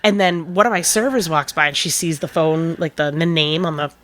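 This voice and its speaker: A woman's voice: low-pitched, fairly quick, a bit bright. A woman and podcast co-host who manages a restaurant, telling a work story in casual chat. She swears now and then and acts out both sides of the conversation.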